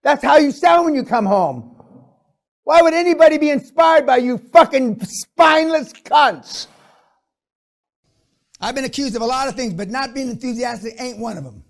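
A man giving an aggressive, profane seminar rant, berating his audience and shouting often. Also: very high-pitched, lively intonation, moderate pace. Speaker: business seminar speaker.

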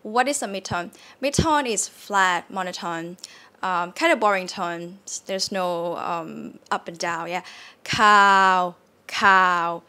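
A woman's voice: fairly low pitch, unhurried, a bit bright. A woman with a Thai accent teaching a casual online language lesson, often repeating words aloud to show the tones. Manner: demonstrates tones by repeating words, chatty with many fillers.

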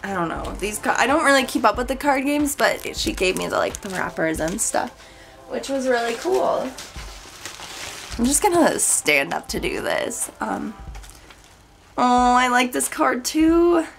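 Faint music sits behind her as the young woman vlogs an unboxing, squealing and gushing with chatty asides while her voice cracks. Her voice is a little high and a bit bright, sing-song with vocal fry, and a little slow.

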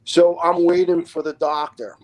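A man's voice: fairly high pitch, moderate pace. A man in his fifties, a retired fire lieutenant, telling his story as a podcast guest in a blunt, earnest way and acting out the dialogue. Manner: animated, acts out quoted dialogue. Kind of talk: emotional first-person storytelling on a podcast.

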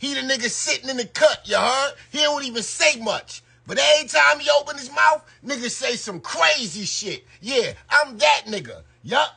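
A man's voice: very high voice, expressive, moderate pace, gravelly, hardly any pauses, pushed and bright, breathy edge. A man giving loose, slangy live-stream commentary and talking straight to his viewers. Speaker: YouTube commentator.

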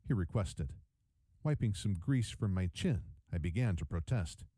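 A man narrating a game cutscene as a father recalling a journey. His pitch rises and falls expressively over a mellow, dark tone, recorded dry and close. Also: no echo, rough recording. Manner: measured storytelling with lively pitch.

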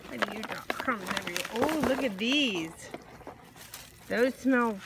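A woman's voice: animated, brisk, background noise. A woman talking to her dogs at home in a coaxing, sing-song way while she unwraps a box. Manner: high sing-song coaxing pet talk. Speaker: dog owner filming her pets. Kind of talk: casual talk to her dogs while unboxing. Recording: loud paper crinkling behind voice.

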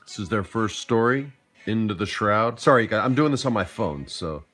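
A man's voice: lowish voice, animated, moderate pace, a bit bright, husky, faint music behind. A man hosting a casual video about a tabletop game, laid-back and joking, with plenty of "like" and "uh". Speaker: host and game master.

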